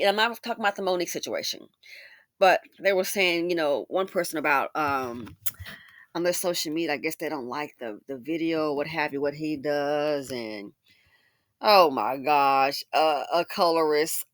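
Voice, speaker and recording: A woman host giving impassioned social commentary, swinging between loud emphasis and hushed asides. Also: low-pitched, normal speed, no echo, studio quality.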